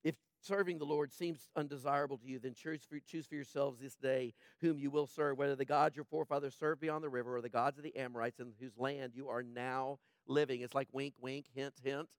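A man preaching a sermon, animated, with stammered restarts and sudden drops to a low, quiet delivery. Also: brisk, hardly any pauses, clean tone, no room sound, clean studio sound. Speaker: pastor.

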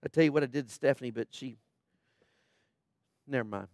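A man's voice: mid-range voice, brisk, a little mellow, dry recording, studio quality. A middle-aged male pastor preaching a sermon, emphatic, repeating key points and calling on the audience to answer back.

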